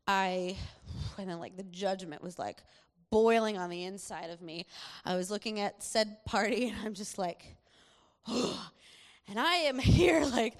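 A young woman gives a personal testimony from the front of a large hall, her fairly high voice carried on a long reverb. She talks in a chatty, animated way and laughs often between her thoughts. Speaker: speaker sharing a testimony.

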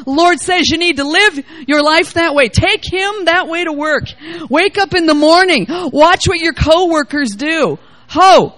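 A woman preaches a charismatic sermon in a high, bright-sounding voice. She reads scripture aloud and riffs on it with great exuberance, shouting praise one moment and murmuring the next. The sound is dry, with no room echo. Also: unhurried. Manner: exuberant, swings between loud exclamations and quiet asides.

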